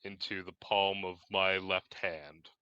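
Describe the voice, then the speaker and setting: Male player, low-ish smooth voice, slow deliberate delivery, bright edge. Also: flat delivery, no room sound, dull audio. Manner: deliberate, describing actions and rolls. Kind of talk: tabletop role-play.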